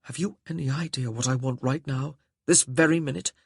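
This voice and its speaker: A man voicing a brooding, volatile nobleman who speaks low and strained, breaking into forceful outbursts. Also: fairly even intonation, fairly quick, vocal fry, breathy edge, no echo, clean studio sound. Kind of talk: audiobook character voice.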